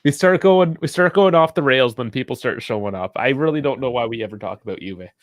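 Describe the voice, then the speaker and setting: A man's voice: mid-range voice, expressive, fast, no echo. A man co-hosting a livestream podcast, chatting casually, explaining things with dry asides and chuckles. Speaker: podcast co-host.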